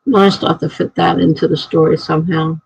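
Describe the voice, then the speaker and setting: A woman writer chatting casually on her live stream, rambling and thinking out loud. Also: low-pitched, steady tone, fast, creaky, slightly rough, no echo. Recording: dry, slightly dull lo-fi mic.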